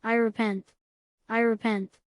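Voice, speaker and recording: A woman's voice: fairly high pitch, level tone, a little slow, no echo, lightly acted. A woman reading the lines of a big, strong male miner who wails and begs forgiveness, in a dry, close recording. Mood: feeble. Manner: wailing, repeating his repentance.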